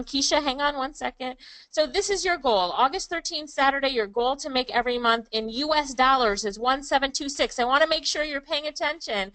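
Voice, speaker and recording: A woman's voice: sits high, sharp tone, no echo, poor audio. A woman presenting a live online class in an upbeat, chatty way, calling on viewers by name. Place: Kingston, Jamaica.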